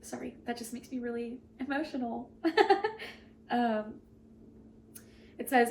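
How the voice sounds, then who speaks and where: A woman's voice: a little high, takes it slowly, gravelly, pauses often, a little mellow, a little hiss or hum, rough recording. A young woman reading scripture aloud and reflecting on it in an earnest, emotional way, with chatty asides. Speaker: Bible reading host.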